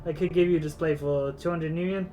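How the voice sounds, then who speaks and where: A man's voice: fairly high pitch, fairly even intonation, brisk, mellow, lo-fi sound, close to an everyday voice. A man voicing a polite, businesslike female shopkeeper in a video game. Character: smooth-talking female shopkeeper.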